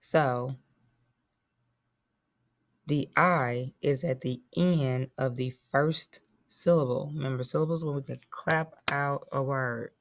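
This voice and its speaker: A woman's voice: rumbling low, steady tone, slow. A woman teacher giving a phonics lesson to young children, patiently spelling and sounding out words.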